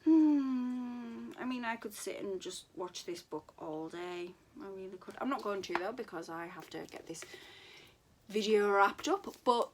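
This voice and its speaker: Woman book vlogger at home, unhurried and effusive, middle-pitched voice. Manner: gushing, repeats words for emphasis. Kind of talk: casual book recommendation vlog.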